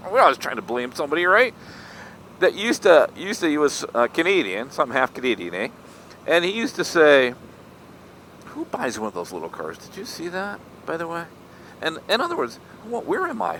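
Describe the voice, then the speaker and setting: A man's voice: fairly high pitch, wildly swooping pitch, normal speed, bright, forceful tone, poor audio. Chatty middle-aged man riding a motorcycle. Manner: chatty, self-mocking, wanders off topic. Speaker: motorcycle vlogger. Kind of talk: casual rambling monologue while riding. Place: outdoors on a motorcycle in traffic. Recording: faint road and traffic noise.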